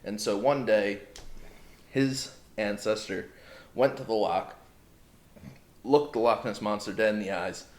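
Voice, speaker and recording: A man's voice: fairly low pitch, measured pace, pauses often. Sarcastic man recapping in an echoey room. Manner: sarcastic, blunt storyteller, swears. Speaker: podcast co-host. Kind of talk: casual wrestling review chat.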